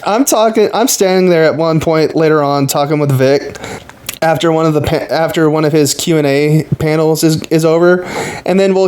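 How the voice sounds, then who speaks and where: A man hosting a podcast, telling a story in a casual, animated way and laughing often. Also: on the high side. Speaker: podcast host. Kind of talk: casual chat.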